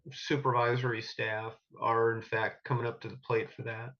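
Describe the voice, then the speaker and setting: A man moderating a town hall forum who asks questions haltingly, with many restarts. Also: mid-range voice, flat delivery. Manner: halting, full of restarts while phrasing questions. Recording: dull lo-fi sound.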